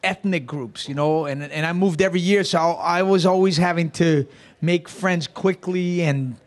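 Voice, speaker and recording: This comedic performer from Queens, New York, speaks a little high at a moderate pace as a guest in a casual interview. He tells rambling, self-mocking stories, restarting his sentences many times.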